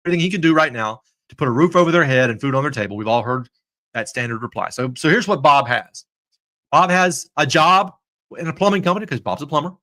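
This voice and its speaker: A man's voice: a little high, animated, quick pace, pushed and bright. A middle-aged man hosting a livestream talk, emphatic and jokey, speaking to his viewers in the chat. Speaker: host.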